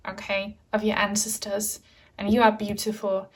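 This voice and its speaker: A woman giving a pick-a-card tarot reading, speaking softly and earnestly, reassuring the viewer and getting emotional at times. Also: mid-range voice, monotone, moderate pace, distant mic. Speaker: tarot reader.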